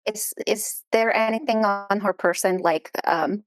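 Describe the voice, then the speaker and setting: A woman player narrates her character's moves in a tabletop game, chatty and full of fillers. Her pitch sits in the middle for a woman. The sound is close and dry. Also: steady tone, measured pace, no echo, low-quality recording.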